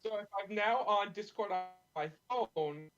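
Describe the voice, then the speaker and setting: A man's voice: high-pitched, unhurried, a bit bright, lo-fi sound. A man calling in as a guest, distracted while fixing his connection, heard through a glitchy robotic call line. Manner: distracted, fiddling with tech. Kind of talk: casual chat sorting out a call.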